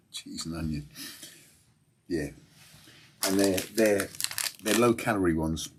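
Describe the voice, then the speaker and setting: A deep, low-pitched man winds down at home after a long day, chatting to livestream viewers in a loose, rambling way. He sounds tired and laughs easily. A faint hiss sits behind his voice. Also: takes it slowly. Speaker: fishing livestream host. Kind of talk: casual late-night chat to viewers. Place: at home at night.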